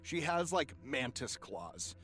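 A man's voice: mid-range voice, big pitch swings, slow, a bit bright, faint music behind. A man narrating a tabletop game as game master, hesitant, with frequent ums and laughs.

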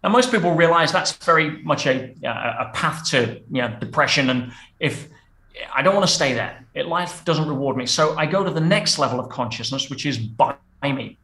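A man with a slightly high-pitched voice talks like a coach, driving his points home with emphasis and frequent rhetorical questions. The room around him is echoey and roomy. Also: lively intonation, moderate pace, sharp tone. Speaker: guest speaker and coach. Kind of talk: podcast interview.

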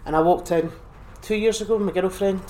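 A man's voice: sits high, a little fast, a little hiss or hum. A man with a Scottish accent, a comedian chatting casually and acting out anecdotes, often repeating phrases. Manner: animated, repeats phrases, acts out quotes. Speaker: podcast guest, comedian. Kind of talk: casual chat, storytelling.

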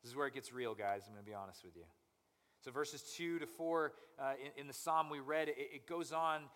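A young man preaching a conversational sermon as pastor, animated and acting out people's inner voices. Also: mid-range voice, fairly quick, in a large hall.

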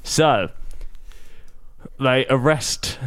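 A man's voice: medium pitch, extremely slow, a bit bright, clean tone. A man hosting a comedy podcast, steadily recapping a TV series plot. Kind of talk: casual comedy podcast chat.

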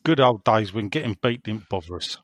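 A man's voice: on the low side, animated, brisk, dry recording. A man hosting a casual football fan podcast, blunt and sardonic, laughing often as he reads out messages.

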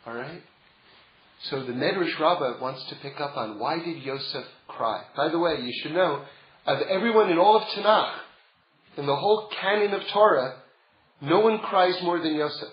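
A man's voice: a little high, normal speed. A man teaching a Torah class in a conversational way, building up to emphatic passages. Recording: roomy, dull lo-fi sound.

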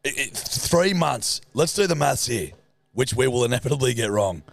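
A man's voice: mid-range voice, lively intonation, moderate pace, gravelly. A man co-hosting a podcast, chatting casually with crude, teasing banter. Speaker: podcast co-host. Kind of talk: casual comedic chat.

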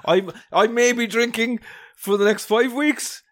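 A man's voice: very high voice, steady tone, slow pace, no room sound. A young man co-hosting a podcast, with dry wisecracks. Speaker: podcast co-host. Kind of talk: casual banter.

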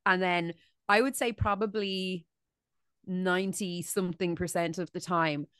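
A woman's voice: lowish voice, fairly even intonation, measured pace, fairly bright tone, smooth, no room sound, studio quality. A woman co-hosting a podcast, chatting casually in a rambling way with lots of likes and ums. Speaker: podcast co-host.

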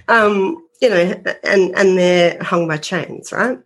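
A woman speaking at an unhurried, drawn-out pace, her voice sitting a little low. She wanders through her story as a guest on a casual interview, circling back and leaning on filler words as she goes. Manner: rambling, full of "you know" fillers. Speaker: paranormal investigator guest.

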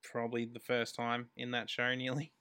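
Australian man, podcast co-host, bright forceful tone, joking banter. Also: medium pitch, completely flat delivery, moderate pace, smooth. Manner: joking, brief interjections. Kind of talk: casual chat.

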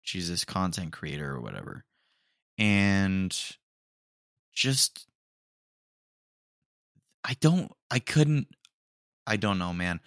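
A man's voice: deep voice, sing-song, slow, long pauses, dry recording, studio quality. A man hosting a podcast in casual, rambling chat, trailing off and restarting with slang. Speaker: podcast host.

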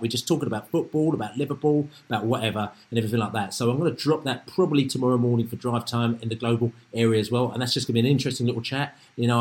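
A man hosting a casual football podcast over a remote call, excitable and rambling, often repeating himself. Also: mid-range voice. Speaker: podcast host.

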